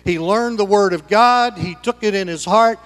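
Male pastor, high voice, dynamic preaching style, loud then hushed, long hall reverb. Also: normal speed. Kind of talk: sermon.

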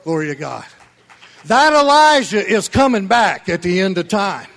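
A man preaching a sermon as pastor, fervent and emphatic, rising to near-shouting, with folksy asides and chuckles. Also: high voice, lively intonation, normal speed, vocal fry.

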